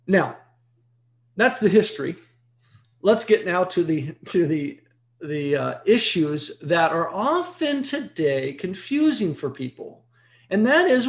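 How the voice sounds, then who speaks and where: A Bible teacher giving an evening lecture, emphatic and full of rhetorical questions, repeating key words for stress. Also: unhurried. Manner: jumps to a high excited pitch when stressing a point.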